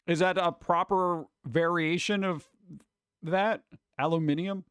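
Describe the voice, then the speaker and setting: A man's voice: fairly high pitch, steady tone, a little slow, a bit bright, smooth, no echo, clean studio sound. A man hosting a live stream, chatting casually and reading chat aloud in a rambling, jokey way with muttered asides.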